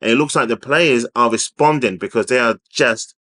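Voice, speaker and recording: A man with a bright, forward voice talks through a football result on his own channel. He is opinionated and emphatic, circling back to hammer his points home. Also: mid-range voice, normal speed. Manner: opinionated, emphatic, repeats himself for stress. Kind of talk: unscripted opinion vlog.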